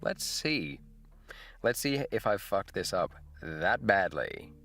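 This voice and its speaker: A man's voice: low voice, very animated, takes it slowly, gravelly, sharp tone. A middle-aged man, hosting a casual livestream chat, laid-back and rambling, laughing often. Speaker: livestream host. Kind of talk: casual live chat with viewers.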